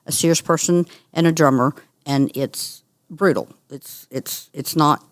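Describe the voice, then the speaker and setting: A middle-aged woman, a guest on an interview, telling her story in an earnest, animated way. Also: sits low, unhurried, no room sound, clean studio sound. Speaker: guest, cancer survivor. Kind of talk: conversational interview.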